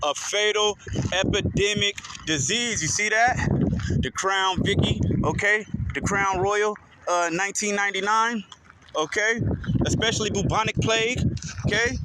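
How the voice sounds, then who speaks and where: A man's voice: high-pitched, very noisy. A man reading scripture aloud and explaining it in a casual teaching style, checking in with "okay?" after almost every line. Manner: reads verses slowly, then explains with a constant "okay?". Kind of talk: informal scripture reading and commentary.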